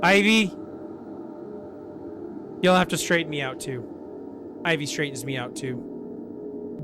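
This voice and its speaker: A man in his forties with a hoarse, scratchy voice after being sick, chatting casually and rambling to viewers during a game stream at home. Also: on the high side. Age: 40s. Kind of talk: casual live-stream chat.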